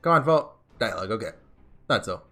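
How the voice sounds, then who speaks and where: Lively man chatting through a game. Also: fairly low pitch, fairly quick, soft background music. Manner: chatty, thinking aloud. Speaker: gamer. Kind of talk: let's play commentary.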